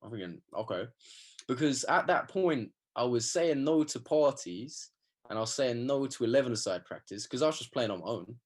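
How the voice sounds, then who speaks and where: A young man from England, telling animated stories with lots of slang in a casual interview. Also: medium pitch, fairly quick. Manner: animated storytelling, slangy, acts out quotes. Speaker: guest.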